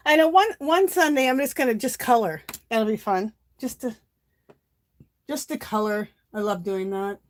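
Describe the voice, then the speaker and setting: A middle-aged woman with a high-pitched voice chats casually during a home craft livestream, recorded with no room sound. She greets viewers by name and seems slightly short of breath.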